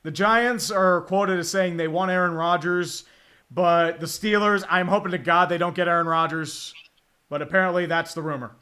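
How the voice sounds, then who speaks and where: A man's voice: high-pitched, fairly even intonation, normal speed, bright, forceful tone. A man streaming casual football chat, rambling with melodramatic fan despair. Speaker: sports streamer.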